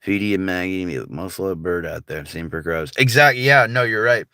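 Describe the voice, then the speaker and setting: A man's voice: deep voice, normal speed, bright, forceful tone, dry recording. A man with a General American accent, chatting casually on a livestream in a laid-back, rambling way full of filler words. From United States.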